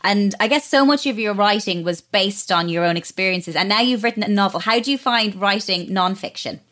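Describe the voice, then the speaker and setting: A woman hosts a podcast and interviews her guest. Her voice sits in a middle register, and she speaks in a measured, reflective way. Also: medium pitch, fairly bright tone.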